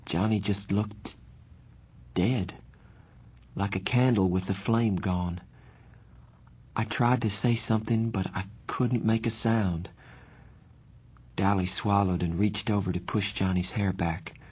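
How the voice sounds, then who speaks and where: A man reading a novel aloud in the first person, with measured, earnest storytelling. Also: on the low side, fairly even intonation, a little mellow, husky. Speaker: audiobook narrator.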